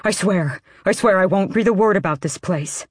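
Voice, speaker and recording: A woman's voice: medium pitch, normal speed, breathy edge, no room sound, studio quality, natural voice. A woman voicing a frightened male cab driver who pleads frantically in an audiobook. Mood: panicked.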